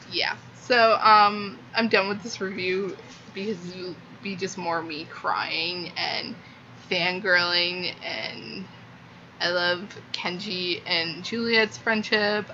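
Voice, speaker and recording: Young female book vlogger, bright voice, unhurried, rambling fangirl energy, faint room hiss. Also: on the low side, lo-fi sound. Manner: gushing, rambling, many "like" fillers. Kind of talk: casual book review vlog.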